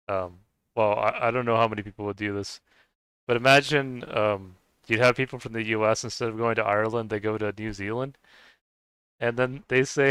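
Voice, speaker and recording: A man with a lowish, smooth voice chats casually with his viewers while he plays a game. He rambles and hesitates, restarting sentences and filling gaps with "um", and often chuckles. The sound is dry and close. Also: fairly bright tone, dry recording. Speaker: game streamer chatting with viewers. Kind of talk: casual chat while playing.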